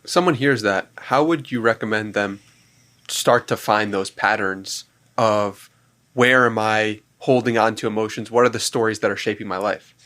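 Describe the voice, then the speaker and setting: Male podcast host, low-pitched, earnest and measured, interview questions. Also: fairly bright tone.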